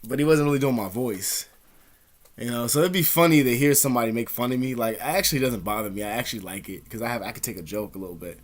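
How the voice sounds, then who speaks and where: A man's voice: mid-range voice, fast. Profane rambling man telling stories. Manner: profane, laughs often, imitates others mid-story. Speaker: vlogger. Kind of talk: rambling casual monologue.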